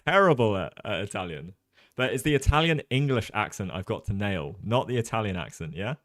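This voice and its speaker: Brief: relaxed, low-voiced man hosting a casual chess livestream, lots of ums, dry close sound. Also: a little fast, dry recording. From Jersey. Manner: relaxed, chatty, many ums, reads chat aloud. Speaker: chess streamer and commentator.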